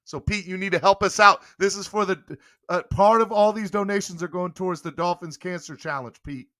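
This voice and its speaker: A man's voice: high-pitched, a little fast, a bit bright. A young man hosting a casual live-stream sports show, playfully coaxing a guest and laughing often. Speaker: podcast host.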